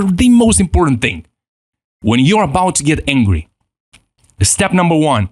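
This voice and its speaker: A man teaching a self-improvement course, his pitch leaping up and down as he acts out the voices in people's heads. He often breaks off and restarts his sentences. The sound is dry and close, with no room echo. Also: a little slow, long pauses. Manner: animated, acts out inner voices, frequent restarts. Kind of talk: spoken course lesson.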